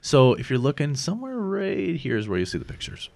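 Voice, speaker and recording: A man's voice: a little high, sing-song, fairly quick, vocal fry, darkish tone, no room sound. A man in his thirties co-hosting a podcast, reading facts aloud in casual chat, stumbling over foreign names and swearing freely. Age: 30s. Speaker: podcast co-host.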